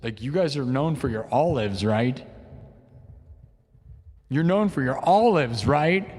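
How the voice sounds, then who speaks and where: A man's voice: mid-range voice, expressive, takes it slowly, long pauses, darkish tone. A man hosting a live music stream, rambling and joking in playful rants to his chat. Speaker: livestream host and improvising musician. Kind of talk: rambling comedic livestream chat. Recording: long reverb.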